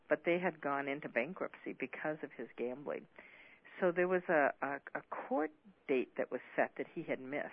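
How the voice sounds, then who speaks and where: A man who counsels a men's group, telling a personal story in a frank, conversational way. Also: fairly high pitch. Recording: narrow phone-like radio audio.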